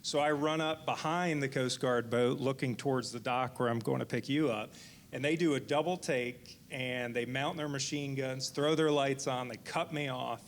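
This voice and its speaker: Gravelly man telling a rambling story. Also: mid-range voice, normal speed, slight background noise. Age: 40s. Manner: rambling, lively retelling with frequent restarts. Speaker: fishing guide and panelist. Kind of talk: anecdotal storytelling on a panel. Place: indoor event venue.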